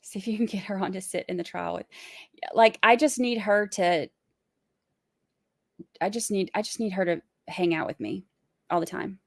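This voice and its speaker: A woman's voice: mid-range voice, normal speed, creaky, pauses often, dry recording, studio quality. A sleep-deprived woman, chatting casually and rambling with giggles as a livestream host. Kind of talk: casual chat.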